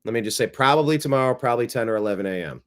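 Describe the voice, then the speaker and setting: A man's voice: medium pitch, very fast, clean tone. A man hosting his own show, chatting casually and thinking aloud about when his next stream will be. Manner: relaxed, rambling, thinking aloud. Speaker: show host. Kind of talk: casual live-stream chat.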